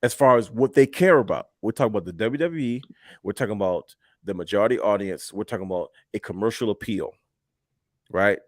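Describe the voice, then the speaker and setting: A young man co-hosting a casual wrestling podcast, animated and emphatic, often repeating words as he drives a point home. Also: on the low side, a little fast, no room sound, clean studio sound. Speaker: podcast co-host.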